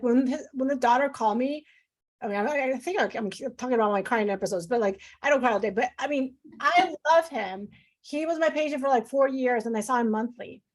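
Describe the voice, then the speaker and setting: Effusive, chatty woman physician. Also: on the high side. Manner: effusive, talks with lots of fillers, acts out quoted voices. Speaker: physician guest. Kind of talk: casual interview talk.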